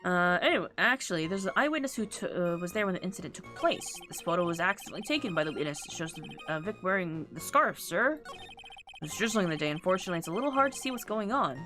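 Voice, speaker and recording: A woman's voice: on the low side, expressive, fast, bright, forceful tone, soft background music. A woman streamer playing a courtroom game, reading the characters' lines aloud and breaking off into her own comments. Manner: reads every character line aloud, breaking off with laughs and asides.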